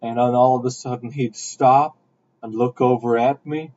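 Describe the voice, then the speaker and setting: A young man telling a rambling story in casual podcast chat, with animated bursts. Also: mid-range voice, normal speed. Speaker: podcast host. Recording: dull lo-fi sound.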